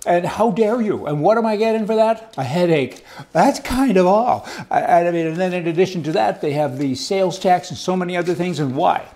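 A man's voice: high-pitched, expressive, a little fast, a little mellow. A man from Canada giving a folksy, sarcastic political monologue, speaking to his viewers with emphatic asides. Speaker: commentator.

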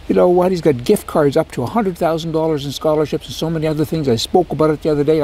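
A man's voice: on the high side, dark tone, breathy edge. A man hosting a political commentary monologue, ranting with sarcastic asides. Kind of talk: opinionated monologue.

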